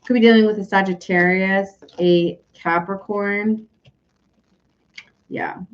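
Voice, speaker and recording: A woman's voice: medium pitch, takes it slowly, pauses often, lo-fi sound. A woman giving a casual, chatty tarot reading, talking loosely and laughing often. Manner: chatty, giggly, animated. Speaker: tarot reader.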